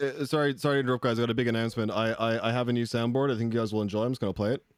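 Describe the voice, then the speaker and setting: Irish man, quick blunt storyteller, dry close mic. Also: medium pitch, steady tone, no echo. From Ireland. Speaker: podcast co-host. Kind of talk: casual chat.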